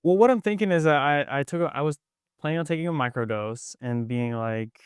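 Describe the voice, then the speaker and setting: A young adult man hosting a podcast, chatting casually in a relaxed way with halting fillers. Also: on the high side, clear, resonant tone, no room sound, clean studio sound. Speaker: podcast host.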